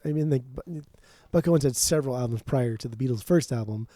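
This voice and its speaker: A man co-hosting a podcast, talking in a casual, animated and profane way, full of strong opinions. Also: mid-range voice, quick pace, no echo, clean studio sound. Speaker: podcast co-host. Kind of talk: casual music chat.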